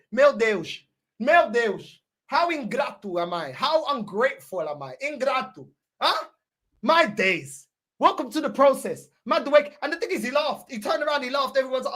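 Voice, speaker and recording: Woman, husky voice, lively swooping pitch, exasperated fan rant, swearing and repetitive. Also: normal speed. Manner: exasperated, swearing, repetitive, switching between English and Portuguese. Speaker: football fan channel host. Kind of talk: angry fan reaction rant.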